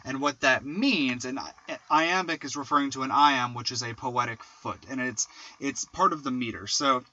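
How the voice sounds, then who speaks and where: A man with a very bright, forceful voice, explaining casually and thinking aloud with restarts. He taps out rhythms by chanting syllables. The recording sounds dull and lo-fi. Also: mid-range voice, moderate pace. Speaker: podcast co-host.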